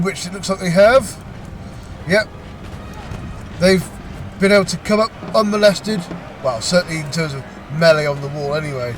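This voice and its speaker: A man casually commentating a video game battle, talking haltingly with frequent pauses and restarts and a lightly amused tone. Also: high voice, a little hiss or hum. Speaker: gameplay commentator.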